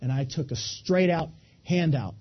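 Animated young man giving a motivational talk. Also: on the high side, unhurried, muffled recording. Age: 20s. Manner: animated, folksy, addresses the audience directly. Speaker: motivational speaker. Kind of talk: motivational talk to a live audience.

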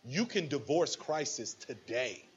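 A man's voice: medium pitch, expressive, measured pace, highs cut off. A man giving a preachy motivational speech to a live audience, acting out little scenes with quoted voices. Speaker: motivational speaker at a business event.

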